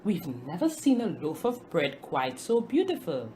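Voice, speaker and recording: A woman voicing bakery customers who speak softly in wonder. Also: lowish voice, huge pitch swings, measured pace, a little hiss or hum, pitched below the performer's own voice. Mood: admiring. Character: bakery customers admiring bread.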